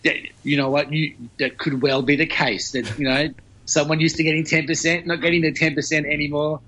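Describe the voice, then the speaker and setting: A man's voice: fairly high pitch, flat delivery, a little fast, sharp tone, highs cut off. A man giving conversational news commentary on the radio, explaining at length with many fillers.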